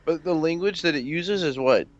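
A man's voice: on the high side, normal speed, no room sound. A man in casual chat, curious and asking many questions. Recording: dull lo-fi sound.

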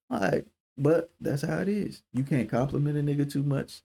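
A young man with a raspy, hoarse voice, co-hosting a casual podcast and telling slangy, profane stories. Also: a little high, normal speed. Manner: animated storyteller, slangy and profane. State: hoarse throat. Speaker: podcast co-host. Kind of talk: casual chat.

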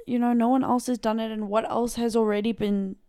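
A woman's voice: fairly high pitch, little pitch movement, fairly quick, dark tone, clear, resonant tone, dry recording, studio quality. A young South African woman narrating a true-crime case in a casual, chatty podcast style with lots of asides. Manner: chatty, filler-heavy storytelling with asides.

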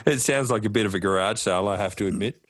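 A man co-hosting a podcast, with relaxed, joking banter. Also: lowish voice, fast talker, no room sound. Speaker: podcast co-host. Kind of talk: casual chat.

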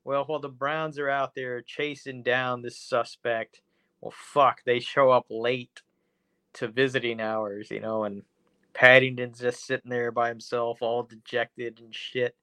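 Man, podcast co-host, bright edgy tone, dry sound, loose swearing storyteller. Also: medium pitch, little pitch movement, unhurried, clear, resonant tone, dry recording. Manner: loose, profane storytelling with fillers. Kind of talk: casual comedic chat.

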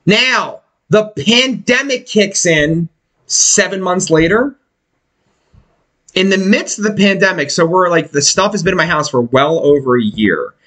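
Animated, profane man telling a story. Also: high-pitched, measured pace. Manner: animated, swearing, puts on voices for people he quotes. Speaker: podcast host.

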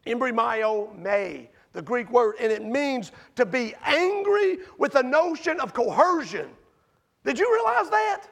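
A man preaching a sermon with a very high, gravelly voice. He talks conversationally and keeps asking his congregation questions. He builds to shouts and then sinks to quiet, hushed stretches. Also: unhurried. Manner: animated, shouting peaks then dropping low and quiet. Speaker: pastor.

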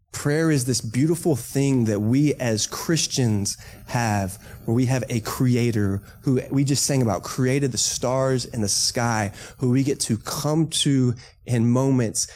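A man's voice: mid-range voice, darkish tone. A pastor with a Texan accent preaching a sermon in church, casual and joking, asking the congregation questions as he goes. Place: church sanctuary.

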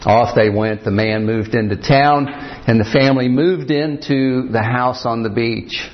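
A male pastor preaching a sermon, telling a story at an unhurried pace with frequent pauses and "uh"s. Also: medium pitch. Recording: dull lo-fi church recording.

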